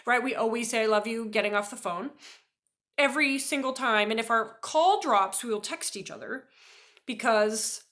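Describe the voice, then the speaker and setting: A woman giving a casual teaching talk on behavior, chatty and full of little "right?" asides, telling stories in a lively way. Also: fairly high pitch, moderate pace. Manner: lively storyteller who acts out quoted voices. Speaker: behavior educator.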